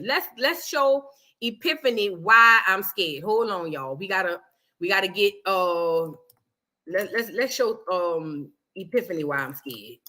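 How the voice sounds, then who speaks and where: A woman's voice: mid-range voice, sharp tone. A woman hosting a casual reaction livestream, rambling and talking straight to her viewers. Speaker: livestream host.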